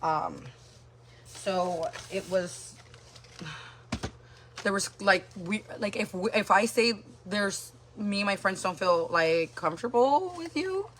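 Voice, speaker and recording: A woman's voice: medium pitch, steady tone, slow pace, pauses often, fairly bright tone, slight background noise. Rambling woman telling a story. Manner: rambling, heavy on filler words. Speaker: livestream host telling a story. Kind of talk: casual storytelling.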